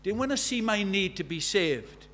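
An older man preaching an evangelistic sermon, impassioned, dropping to a hush and then rising loud. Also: high-pitched, lively intonation, normal speed. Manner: impassioned, swings from hushed to loud.

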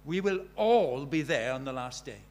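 Preacher, storytelling sermon. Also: male voice, medium pitch, lively intonation, normal speed, a little mellow. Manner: storytelling, building to emphatic appeals.

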